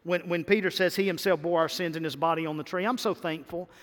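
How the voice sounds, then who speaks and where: A man delivers a sermon with a high-pitched voice that climbs to emphatic peaks and settles into quieter stretches. His words trail into the long reverb of a large hall. He speaks as a pastor to his congregation. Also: fast. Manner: energetic preaching, rising to emphatic peaks and dropping to quiet asides.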